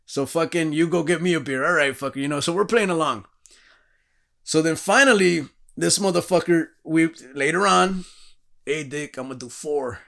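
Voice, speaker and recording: Gravelly, bright-voiced man telling rowdy stories. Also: fairly high pitch, normal speed. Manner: profane, rowdy storytelling with acted-out quotes. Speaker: podcast host. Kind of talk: casual storytelling chat.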